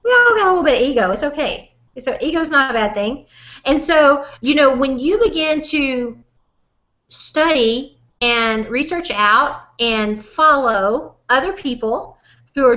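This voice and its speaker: A woman with a Southern accent coaching a webinar audience in a lively, folksy, direct way. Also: on the high side, muffled recording. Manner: animated, folksy and direct, calls listener "honey". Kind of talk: motivational webinar talk.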